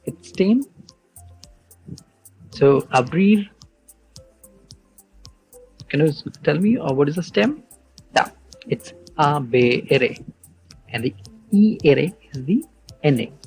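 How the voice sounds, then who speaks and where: Slow, gravelly-voiced man teaching. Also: a little high, lively intonation, a little mellow, faint music behind, low-quality recording. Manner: slow, patient explaining with spelled-out letters. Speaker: Spanish teacher. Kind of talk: online language lesson.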